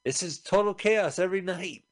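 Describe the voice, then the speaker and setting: A man's voice: sits high, moderate pace. A man co-hosting a show, making sarcastic jokes while watching a movie. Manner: joking, sarcastic asides. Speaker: co-host. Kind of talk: casual movie riffing chat.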